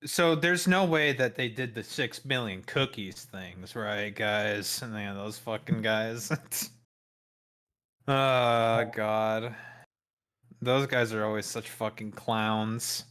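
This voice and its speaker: Bright-voiced sarcastic joking man. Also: fairly low pitch, slow pace, clear, resonant tone. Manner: sarcastic, jokey, swears. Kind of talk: casual joking chat.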